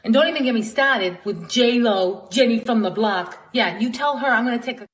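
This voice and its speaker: A woman's voice: on the high side, natural voice. A woman putting on a thick Boston accent to play a brash, furious woman spoiling for a fight in a comic video. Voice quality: loud, brash, rapid threats.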